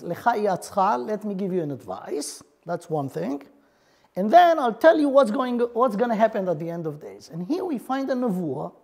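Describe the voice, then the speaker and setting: Woman teaching Torah earnestly, high voice. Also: darkish tone. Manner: explains earnestly in broken English, mixing in Hebrew terms. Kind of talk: Torah lesson.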